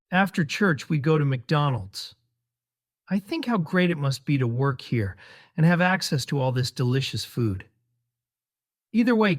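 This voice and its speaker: A man narrating his own memoir audiobook in a wry, sardonic storytelling manner. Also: fairly high pitch.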